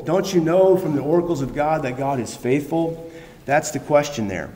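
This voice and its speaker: A man's voice: a little high, moderate pace, warm tone. A man preaching a sermon as a pastor, telling a story in a loose, conversational way with frequent restarts and rising emphasis. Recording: echoey hall, long reverb.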